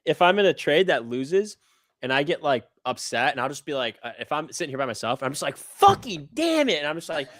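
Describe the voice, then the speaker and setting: A man's voice: on the high side, fast, a bit bright, dry recording, studio quality. A man trading live on a stream, joking around and swearing freely in casual banter. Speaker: trader on stream.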